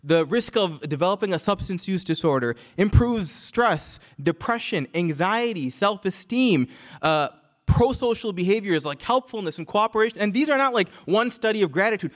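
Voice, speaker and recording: A high-pitched man teaches a class on a religious verse. He talks in a loose, conversational way, asks himself questions and restarts his sentences. Now and then he recites the verse quickly. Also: animated. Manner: conversational, thinks aloud with restarts and rhetorical questions. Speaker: Islamic teacher. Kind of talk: explaining a text to a class.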